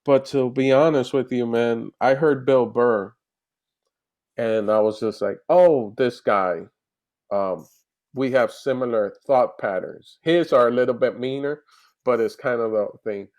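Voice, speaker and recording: A man, a comedian, chatting casually in an interview over a video call, animated and rambling with restarts. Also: medium pitch, a little slow. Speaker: comedian guest.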